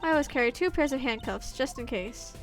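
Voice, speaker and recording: A sardonic young woman detective from a courtroom game, read by a young woman close to her own voice. She clips her lines short and sounds put out by everyone. Quiet music plays underneath. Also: sits high, lively intonation, a little fast. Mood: irritated. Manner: curt and sardonic. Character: grumpy young woman detective, dry and irritable.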